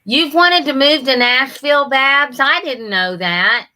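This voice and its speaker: Bright-voiced older woman chatting on a live stream. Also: sits high, a little slow. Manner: chatty, reads out viewer comments and laughs often. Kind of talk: casual live-stream chat.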